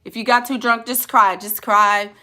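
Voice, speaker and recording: A woman's voice: fairly high pitch, steady tone, normal speed, sharp tone. A woman vlogger answering viewer questions in blunt, sassy casual chat full of slangy asides.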